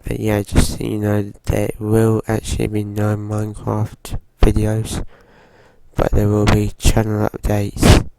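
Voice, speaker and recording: A man with a groggy voice from a cold, giving slow, hesitant casual commentary while playing a driving game. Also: on the low side, monotone, gravelly, dark tone, clear, resonant tone. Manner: slow, hesitant, with frequent fillers. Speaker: gaming channel host.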